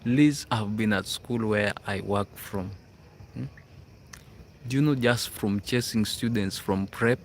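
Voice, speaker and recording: A man's voice: on the low side, slow pace, a little hiss or hum. Chatty Ugandan man on a livestream. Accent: Ugandan English. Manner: chatty, reads out viewer comments, frequent "hmm?" check-ins. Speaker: livestream host. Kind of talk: casual live chat. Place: school grounds at night, outdoors.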